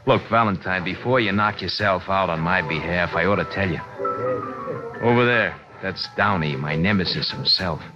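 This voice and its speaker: A man's voice: sits low, normal speed, close to an everyday voice. A man playing a world-weary private eye who talks in a languid, theatrical, self-mocking way, in 1940s radio acting. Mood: wry. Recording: lo-fi old radio broadcast with music.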